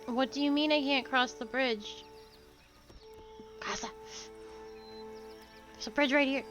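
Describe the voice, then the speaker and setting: Brief: young woman game streamer, fairly high voice, reads story text aloud, soft music underneath. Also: slow, muffled recording. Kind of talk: casual gameplay narration.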